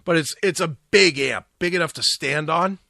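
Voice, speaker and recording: Male metal radio host, high bright voice, dry close sound, swears freely, animated teller. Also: normal speed, vocal fry, dry recording. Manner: profane, animated storyteller acting out quotes. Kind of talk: casual storytelling.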